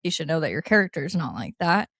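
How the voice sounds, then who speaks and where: A lively woman chatting on an advice podcast, her voice sitting a little low. She laughs easily and reads listener letters out. The sound is close and dry. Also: quick pace, vocal fry, no echo. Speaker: podcast co-host. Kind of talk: casual advice chat.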